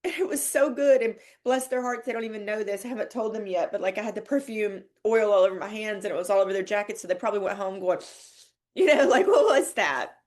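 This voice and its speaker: A woman's voice: medium pitch, fast, darkish tone. A woman hosting a podcast, telling a personal story in a heartfelt, teary way. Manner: heartfelt, laughs and tears up while telling. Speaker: podcast host. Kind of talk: emotional storytelling monologue.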